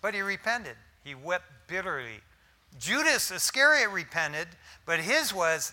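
A male pastor preaches in a folksy, animated way, full of slangy asides. His voice sits high for a man and rings very bright, and he swings between loud bursts of emphasis and hushed, almost whispered lines. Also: measured pace. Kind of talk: sermon.

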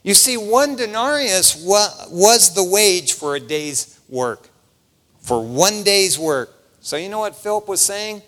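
A man's voice: high voice, takes it slowly. A middle-aged man preaching a sermon in a casual, conversational way, often tossing in "man" as he talks. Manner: animated, conversational, peppers lines with "man". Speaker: pastor. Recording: long reverb of a large hall.

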